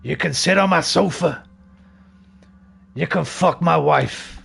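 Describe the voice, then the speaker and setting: A man doing an impression of a gruff older film gangster, barking loud, swearing lines. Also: on the high side, takes it slowly, exaggerated voice. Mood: shouting. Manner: loud, barked, swearing outbursts.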